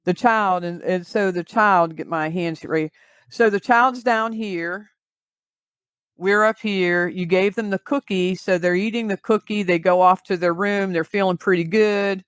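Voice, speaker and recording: A woman guest, a grief recovery specialist, explaining in measured interview talk with vivid everyday examples. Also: mid-range voice, clear, resonant tone, no echo.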